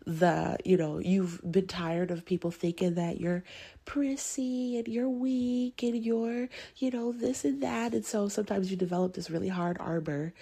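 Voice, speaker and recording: A young woman vlogger, sick and rough-voiced, chatting casually to camera from her bed in a meandering way that slips into whispers. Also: medium pitch, fairly even intonation, measured pace, mellow. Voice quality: husky. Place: bedroom, lying in bed.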